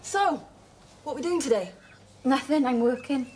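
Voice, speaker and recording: A sharp-tongued young sister. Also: female voice, sits high, expressive, a little slow, noisy background. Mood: irritable. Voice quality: sharp, needling. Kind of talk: TV soap drama.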